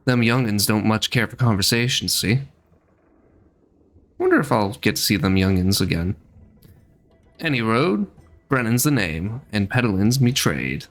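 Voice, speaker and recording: A man voicing a chatty sailing merchant in a rough folksy accent he admits he is not good at. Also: fairly low pitch, animated, unhurried, long pauses, soft background music. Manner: homely, colloquial, slightly clumsy put-on accent.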